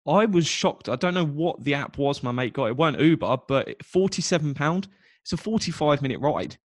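London bloke chatting easy and relaxed, lots of ums, dry sound. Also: male voice, on the high side, a little fast, no room sound. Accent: British, London. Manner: laid-back, chatty with many ums. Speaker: podcast co-host. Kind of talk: casual chat.

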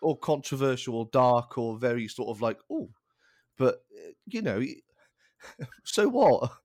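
A man's voice: medium pitch, sing-song, a little slow, a little mellow, no room sound, studio quality. A man co-hosting a casual podcast chat, ranting in an exasperated way and swearing freely. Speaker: podcast co-host.

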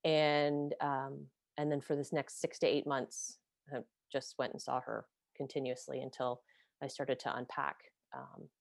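A woman with a notably low voice tells her own story in a blunt, self-deprecating way, swearing without a second thought. The sound is dry and close, with no room around it. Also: little pitch movement, a little slow, creaky, no echo. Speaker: podcast host being interviewed. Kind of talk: candid personal storytelling.

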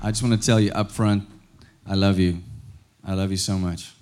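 A man with a South African accent preaching a sermon as pastor, in a warm, chatty way and laughing easily. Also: sits low, steady tone, moderate pace.

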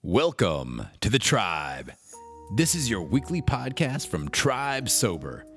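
A man with a low voice reads a scripted promo in a measured, emphatic delivery. Guitar music plays clearly underneath the voice-over. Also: very animated, fairly bright tone. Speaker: podcast announcer.

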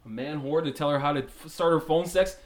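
A man hosting a podcast in casual chat, loud, profane and teasing, often laughing. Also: on the high side, fairly even intonation, brisk. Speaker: podcast host.

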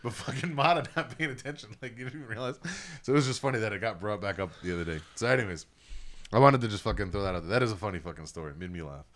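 A man's voice: on the low side, very fast, a bit bright. A young man hosting a casual podcast, telling a long, profane story with lots of laughing. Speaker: podcast host.

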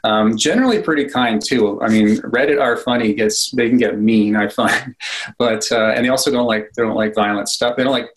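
A man's voice: medium pitch, normal speed, rough recording. A man being interviewed as a cartoonist, talking casually and rambling with many fillers and restarts, self-deprecating. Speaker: cartoonist guest.

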